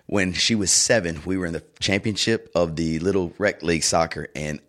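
Middle-aged male podcast co-host, deep voice, loose rambling anecdotes. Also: fairly even intonation, normal speed. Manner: rambling, warm storyteller with restarts and asides. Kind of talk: casual chat, personal storytelling.

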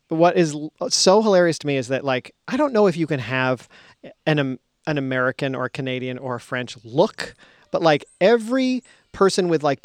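A man's voice: on the high side, no room sound, clean studio sound. A man co-hosting a podcast in casual chat, laughing often and swearing now and then. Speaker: podcast co-host.

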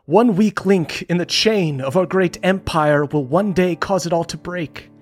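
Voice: mid-range voice, unhurried, lightly acted. A game master voicing a pompous aristocratic male politician who makes grandiose speeches.

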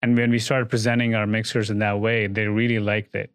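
A man in a business interview, weighing each point out loud and often circling back to rephrase. His voice sounds close and dry, with no room around it. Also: on the low side, flat delivery, brisk, clear, resonant tone, no echo. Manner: thoughtful, hedging, frequent fillers and restarts. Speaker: guest, oil industry executive.

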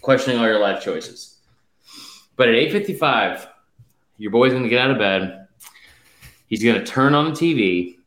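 A man's voice: fairly low pitch, normal speed, a bit bright, reverberant, poor audio. A man co-hosting a casual sports podcast, rambling and swearing through a mock-emotional speech. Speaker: podcast co-host. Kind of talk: casual sports betting chat.

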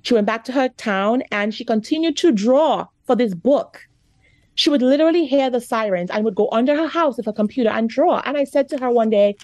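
A woman's voice: fairly high pitch, animated, fairly quick, darkish tone, dry recording. A woman guest author telling a personal story in an interview, chatty and full of "like" and "you know", getting emotional. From America. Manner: chatty, lots of "like" and "you know", gets choked up.

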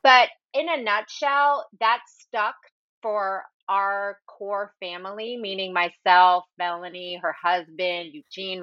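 A woman co-founder being interviewed, telling a personal family story in a tender, animated way. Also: medium pitch, dry recording, highs cut off. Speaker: business co-founder guest.

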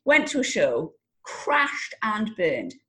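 A woman's voice: mid-range voice, very animated, takes it slowly, fairly bright tone. A woman, co-hosting a casual chat, telling riding stories in a blunt, jokey, sweary way. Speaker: podcast co-host and rider.

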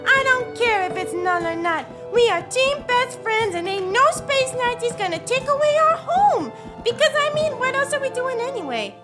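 A woman voicing Pangler, an excitable furry young hero who rambles through a wild plan in a comedy audio drama. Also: very high-pitched, moderate pace, loud music behind the voice. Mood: excited. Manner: rambling, breathless enthusiasm with silly put-on voices.

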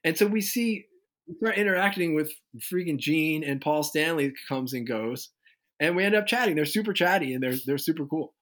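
A man guest on an interview podcast, telling stories in a loose, animated way and acting out the people he quotes. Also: fairly high pitch, normal speed. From United States. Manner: animated storyteller who acts out quoted voices. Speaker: guest musician. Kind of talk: casual interview storytelling.

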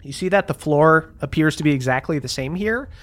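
A man narrating a tabletop game as game master, describing scenes in a relaxed way with lots of "um" and "like". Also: fairly high pitch, brisk.

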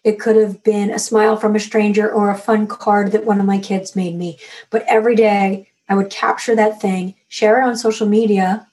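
A woman in her forties, an author guest, telling a personal story in a candid, emotional, animated way. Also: medium pitch, moderate pace, few pauses. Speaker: author and magazine editor, guest. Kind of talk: conversational interview.

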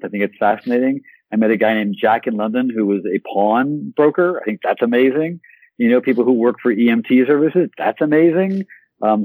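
A man being interviewed as an actor guest on a podcast, talking in an enthusiastic, animated way and often repeating words. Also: mid-range voice, no room sound, poor audio.

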